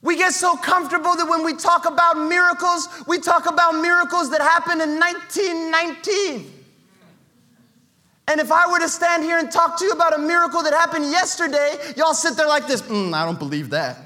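A man preaching a sermon in a church, fervent and shouting at times, acting out what people say. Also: very high-pitched, flat delivery, brisk. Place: church sanctuary.

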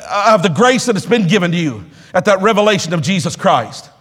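High-voiced male preacher in a reverberant church. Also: big pitch swings, a little fast, few pauses, slightly rough. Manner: preaching with call-and-response, swings between quiet talk and shouted exhortation. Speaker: pastor. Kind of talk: sermon. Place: church sanctuary.

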